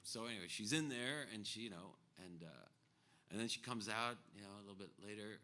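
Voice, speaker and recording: A man's voice: lowish voice, lively intonation, a little fast, sharp tone. Rambling man telling a story on stage. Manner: rambling, loose, full of fillers and asides. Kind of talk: live storytelling between songs. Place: live music venue.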